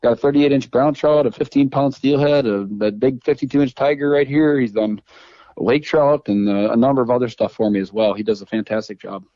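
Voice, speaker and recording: A man's voice: mid-range voice, a little fast, mellow, dry recording, muffled recording. A man who guides fishing trips, a podcast guest, chatting casually and teasing the host with boasts.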